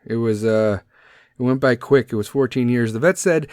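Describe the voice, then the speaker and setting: Recording his podcast at home on a podcast microphone, a man in his thirties talks in a casual, blunt and emotional way, cursing freely. He has a medium-pitched voice and speaks fairly quickly, and the sound is studio quality with no echo.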